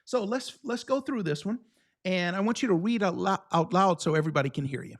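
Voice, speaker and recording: A man with a high-pitched voice teaches a live online exam-prep class. He talks with lively energy and keeps checking in with the viewers. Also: brisk.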